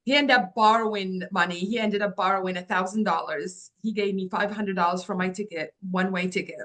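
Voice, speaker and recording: Guest storyteller: woman, middle pitch, animated, acts out dialogue. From Morocco. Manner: animated, acts out quoted dialogue, quick restarts. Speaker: guest, agency founder. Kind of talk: personal storytelling in an interview.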